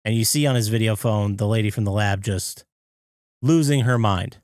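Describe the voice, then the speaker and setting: A man co-hosting a podcast, retelling a movie scene by scene and jumping into high, excited impressions of the characters. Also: moderate pace, dry recording, clean studio sound. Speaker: podcast co-host. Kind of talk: casual movie recap chat.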